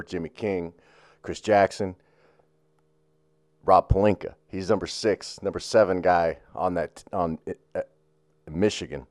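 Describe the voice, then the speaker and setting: A man with a fairly low voice co-hosts a casual sports talk show. He rambles and swears freely, piling up fillers and restarts as he goes.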